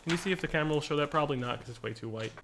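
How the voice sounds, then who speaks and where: An excitable, jokey man rambles through a casual unboxing at home. His voice sits a little high for a man. A faint hiss runs under the recording. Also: very fast, gravelly. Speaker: channel host.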